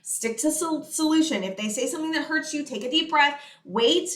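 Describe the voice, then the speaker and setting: A woman's voice: sits high, expressive, moderate pace, roomy sound. A young woman giving a rambling, earnest tarot reading straight to her viewers, full of "you know" and "it's like". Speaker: tarot reader. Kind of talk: casual channeled tarot reading to camera.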